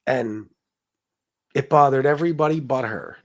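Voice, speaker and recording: A man's voice: medium pitch, moderate pace. Man rambling emotionally on his own show. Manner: rambling, emotional, with many restarts and asides; profane. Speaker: political talk show host. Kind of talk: casual live-stream talk.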